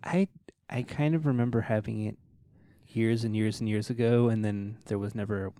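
A man co-hosting a casual podcast chat, joking and rambling and quick to apologize. His voice sits a little low. The recording is dry and close. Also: fairly even intonation, dark tone, dry recording. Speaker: podcast co-host.

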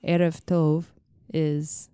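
A woman's voice: deep voice, little pitch movement, very slow, mellow, clean tone, dry recording, studio quality. A woman co-hosting a podcast in casual chat, chatty and laughing often as she thinks aloud. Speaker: podcast co-host.

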